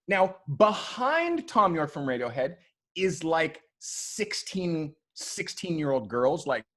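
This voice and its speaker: Male guest, slightly high-pitched, animated casual storyteller who swears freely. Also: takes it slowly. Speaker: photographer guest. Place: podcast studio.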